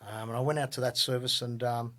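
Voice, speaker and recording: A man's voice: medium pitch, steady tone, brisk, sharp tone. Rambling Australian man telling a story. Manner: rambling, lots of fillers and repeats. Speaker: podcast guest. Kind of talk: casual storytelling.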